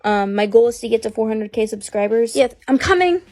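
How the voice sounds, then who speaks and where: A woman's voice: fairly high pitch, lively intonation, a little fast, darkish tone, soft background music, voice pushed down, lightly acted. A young woman voicing a chatty girl vlogger who has just started her channel.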